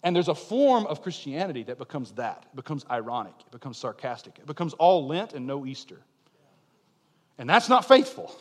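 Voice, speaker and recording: A young male pastor with a high voice preaches in a church sanctuary. He swings from soaring, insistent proclamations down to hushed, almost offhand remarks. A long reverb trails each phrase through the hall. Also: big pitch swings, fairly quick. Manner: impassioned, swings from loud declarations to quiet asides. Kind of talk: sermon.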